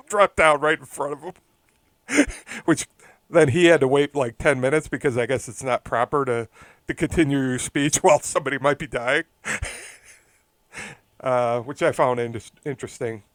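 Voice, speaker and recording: A man's voice: mid-range voice, measured pace, fairly bright tone, no room sound. A man co-hosting a casual chat show, telling a rambling story with frequent chuckles. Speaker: podcast co-host.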